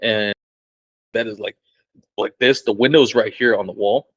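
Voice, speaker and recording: A man's voice: on the low side, moderate pace, dry recording, rough recording. Young man telling stories, casual. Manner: excited, swearing, laughs often, acts out quotes loudly. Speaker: podcast guest. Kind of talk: casual storytelling.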